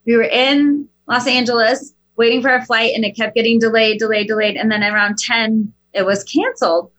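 High-voiced animated storytelling woman. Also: dull audio. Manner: animated, with big jumps in pitch. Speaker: guest. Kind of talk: casual storytelling.

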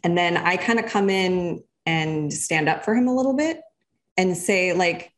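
A woman guest speaks in an interview with a fairly low voice. She is reflective and explains her ideas patiently through examples. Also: a little slow. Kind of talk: casual interview conversation.

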